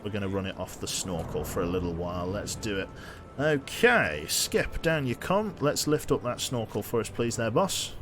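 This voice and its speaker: A man's voice: fairly low pitch, animated, normal speed, hardly any pauses, noisy background. A man chatting casually while streaming a game, rambling with lots of fillers and restarts. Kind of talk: casual gaming livestream commentary.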